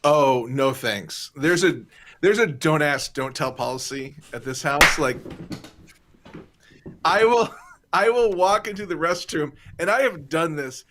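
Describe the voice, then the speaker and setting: A man's voice: fairly high pitch, measured pace. A man in casual group video chat, telling stories playfully with lots of animation, speaking over a video call. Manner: playful, animated storytelling with laughs. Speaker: improv teacher and guest.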